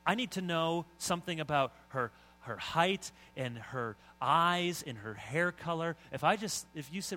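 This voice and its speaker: A middle-aged male pastor preaches with a bright, forceful voice pitched a little high. He talks to the room conversationally, sometimes slipping into mock voices, then builds to emphatic lines. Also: animated, measured pace, hardly any pauses. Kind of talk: sermon.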